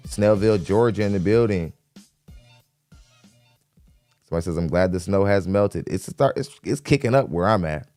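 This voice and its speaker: A man hosting a live podcast stream, giving energetic shout-outs to viewers and then talking plainly to them. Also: fairly low pitch. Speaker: podcast host. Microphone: dynamic studio mic. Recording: hip hop music underneath.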